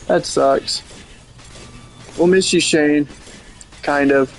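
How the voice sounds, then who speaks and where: A man's voice: a little high, slow, pauses often, a little hiss or hum. A man streaming a game and chatting casually, rambling and joking, swearing freely. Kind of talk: casual livestream chat.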